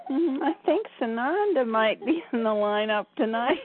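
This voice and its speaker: A woman's voice: fairly high pitch, phone-quality sound, background noise. Bubbly laughing woman on a call line. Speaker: channeler and co-presenter. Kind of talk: casual spiritual chat.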